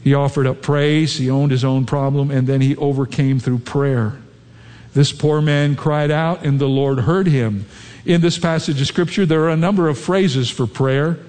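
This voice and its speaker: A man's voice: medium pitch, steady tone, moderate pace, a little mellow. A man preaching a sermon as a pastor. He talks earnestly and acts out sample prayers. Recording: long echo of a large hall.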